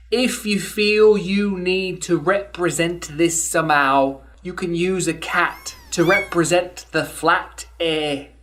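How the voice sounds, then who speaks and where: A woman's voice: lowish voice, a bit bright. A woman podcast host giving a scripted explainer lesson, with dry, wry asides between points.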